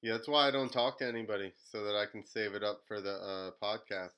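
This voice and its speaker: A man's voice: on the low side, fairly even intonation, quick pace, a bit bright, clean tone. A man hosting a podcast in casual chat, joking, laughing often and telling stories. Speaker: podcast host.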